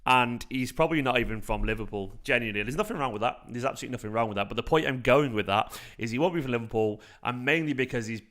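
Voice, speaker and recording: A man's voice: medium pitch, fast, hardly any pauses. A young man with a light Manchester accent, rambling and swearing freely while hosting a casual football fan live stream. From South Manchester, England. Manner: rambling, animated, swears freely, frequent fillers. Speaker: football fan channel host.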